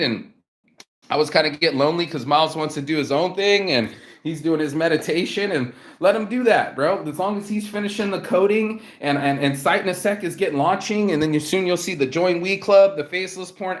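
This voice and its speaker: A man's voice: a little high, fairly quick. Profane, rambling man ranting to camera. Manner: animated, profane, many filler restarts. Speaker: vlogger. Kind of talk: rambling personal vlog rant. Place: outdoors among trees.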